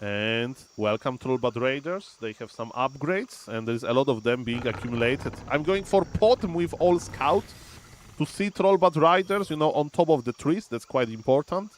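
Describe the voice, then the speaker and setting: Male streamer, mid pitch; animated live play-by-play of his own game. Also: normal speed. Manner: animated, often says "ladies and gentlemen", thinks aloud with fillers. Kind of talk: live gameplay commentary.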